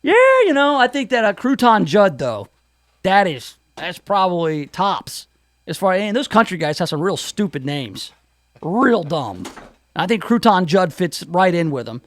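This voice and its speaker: A man's voice: sits high, sing-song, unhurried, dry recording. A man hosting an afternoon radio show, joking around in studio banter and slipping into hammy country DJ voices. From Memphis area. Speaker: radio host. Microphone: studio mic.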